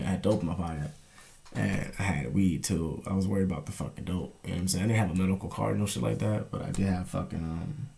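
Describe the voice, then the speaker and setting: A man's voice: low-pitched, creaky, darkish tone. A young man telling a rambling, profane story in a casual vlog, often asking "you know what I'm saying". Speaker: vlogger.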